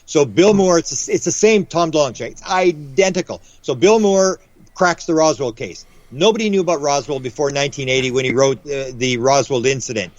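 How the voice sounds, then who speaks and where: A man as guest author in a casual interview, rambling with quick restarts and acting out the voices he quotes. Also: a little high, dry recording. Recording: dull lo-fi audio.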